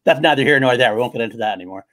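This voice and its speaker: A man co-hosting a casual movie chat, animated and quick to laugh. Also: medium pitch. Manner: animated, laughs often, many restarts. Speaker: co-host of a movie podcast.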